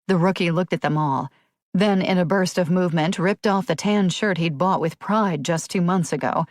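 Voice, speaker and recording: A woman narrating a thriller audiobook in a measured, even reading. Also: lowish voice, no room sound, clean studio sound.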